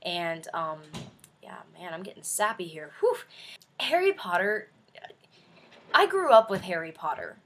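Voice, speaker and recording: Breathy young woman vlogging. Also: on the low side, very animated, a little slow, pauses often. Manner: chatty and effusive, rambling with many fillers. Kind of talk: casual video review.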